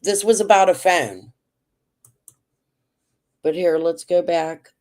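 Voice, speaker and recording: A woman's voice: on the low side, slow pace, darkish tone. A woman streamer giving blunt, angry commentary and swearing freely. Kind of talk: livestream commentary.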